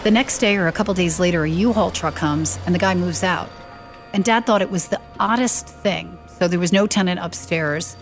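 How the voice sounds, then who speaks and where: Lowish-voiced woman telling a family story. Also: normal speed, over music. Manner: animated storyteller acting out quoted dialogue. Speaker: guest telling her late father's story. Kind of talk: storytelling interview.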